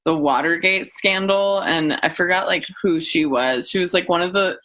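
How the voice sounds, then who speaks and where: A woman's voice: on the low side, moderate pace, fairly bright tone. A woman chatting casually as a podcast guest, rambling and giggling, slipping into comic voices. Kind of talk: casual chat.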